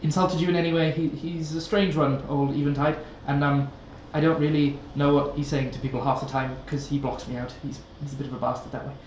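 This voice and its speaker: A man's voice: level tone, fairly quick, hardly any pauses, darkish tone, roomy sound, lo-fi sound, slight background noise, natural voice. A man voicing a nervous bearded wizard who stammers and apologizes. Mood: flustered. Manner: stammering, apologetic, high and fluttery.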